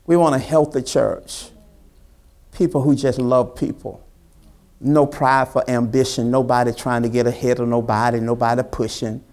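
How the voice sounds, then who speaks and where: A man preaching a sermon, retelling a story with dramatic voices for its characters and questioning his congregation directly. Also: moderate pace. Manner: preaching with dramatic character voices, rising to high excited pitch. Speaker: pastor.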